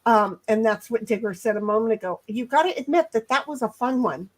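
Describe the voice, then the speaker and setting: A woman's voice: on the high side, fairly quick. A woman co-hosting a casual livestream chat, rambling through stories with lots of restarts and giggles. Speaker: livestream co-host.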